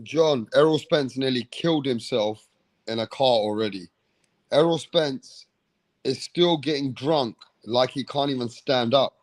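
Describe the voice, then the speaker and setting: Slow-talking man, chatty streamer. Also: medium pitch, no room sound, poor audio. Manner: excitable, repetitive, slangy. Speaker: livestream boxing host. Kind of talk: casual live-stream chat.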